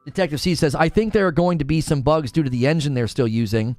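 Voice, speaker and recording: A man hosting a casual gaming livestream, chatting with viewers and reading their comments aloud in a quick, talkative way. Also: a little high, a little mellow, no room sound, faint music behind.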